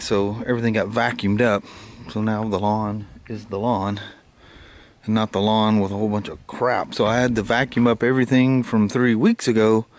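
A man vlogging casually about his day outdoors, rambling and laughing often as he gets excited. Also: medium pitch. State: out of breath. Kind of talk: casual vlog talk. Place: outdoors, yard and on a motorcycle. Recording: clear outdoor noise, vehicle sounds.

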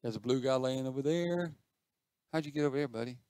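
A man's voice: medium pitch, brisk, darkish tone, smooth, no room sound, studio quality. A man giving chatty, self-mocking commentary as he plays an online game, talking to the other players on screen. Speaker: gaming channel host. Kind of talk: casual gameplay commentary.

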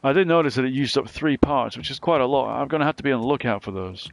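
A man giving casual let's play commentary, thinking out loud about the game as he plays. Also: mid-range voice, quick pace, vocal fry, a little hiss or hum. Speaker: gaming channel host.

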